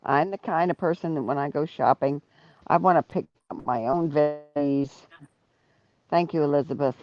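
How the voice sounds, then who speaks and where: A woman chatting casually on a call to a friend's stream, rambling easily, slightly sick with a low fever. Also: normal speed, highs cut off. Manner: easygoing, rambling small talk. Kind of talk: casual chat.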